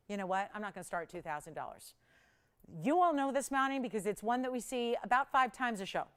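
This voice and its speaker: A woman hosting a live TV jewelry shopping show, chatty and animated, laughing often and counting prices down. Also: fairly high pitch, smooth. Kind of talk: live TV sales pitch. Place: TV shopping studio.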